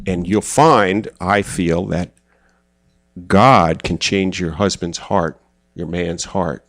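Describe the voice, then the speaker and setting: A man speaking at a church gathering in a relaxed, conversational sermon style, telling personal stories with self-deprecating humor. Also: low voice, slow pace. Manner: casual, self-deprecating, acts out quoted voices.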